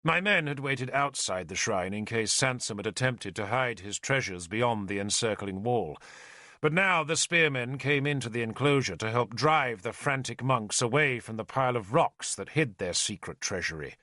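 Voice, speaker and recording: Bright, lively male audiobook narrator. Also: medium pitch, moderate pace, dry recording, studio quality. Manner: expressive, lively storytelling.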